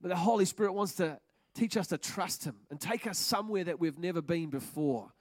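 A pastor preaching a stirring, emphatic sermon at a church service. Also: male voice, high-pitched, fairly quick, husky, dry recording, clean studio sound.

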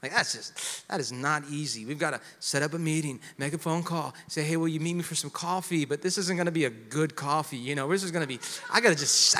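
Bright-voiced man preaching in a reverberant church. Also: a little high. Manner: conversational preaching, building to loud exclamations. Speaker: pastor. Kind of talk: sermon. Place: church sanctuary with long reverb.

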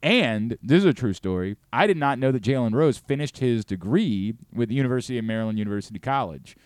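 A middle-aged man hosting a sports talk show, ranting and gushing in a casual, profane, excitable way. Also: medium pitch, no room sound, studio quality. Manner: animated, profane, rapid swings between excitement and rant. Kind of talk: casual sports radio chat.

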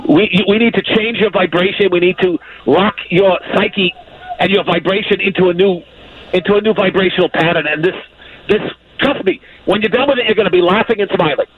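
A man's voice: sits high, fairly quick, breathy edge. A man giving psychic readings on a call-in radio show, talking emphatically in a folksy, repetitive way over the phone. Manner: emphatic, folksy, repeats himself. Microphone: telephone. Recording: phone line with faint hiss.

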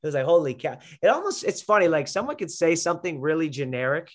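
A young man with a somewhat high voice talks in a loose, rambling way. He fills his sentences with "like" and "you know" as he tells stories to a podcast host. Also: very animated, fast. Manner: rambling, filler-heavy storytelling. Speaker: guest, former college wrestler. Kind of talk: casual conversation.

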